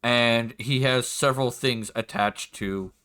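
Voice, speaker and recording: A man's voice: mid-range voice, unhurried, bright, forceful tone. A man narrating as game master of a tabletop game, rambling and correcting himself as he goes. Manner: rambling, laughs and self-corrects.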